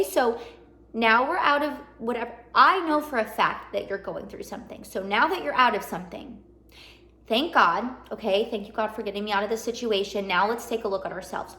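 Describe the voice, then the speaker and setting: A woman's voice: fairly high pitch, fairly quick, sharp tone, reverberant. A woman giving a casual, earnest motivational talk straight to her viewers, full of rhetorical questions and pep-talk encouragement. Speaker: self-help vlogger.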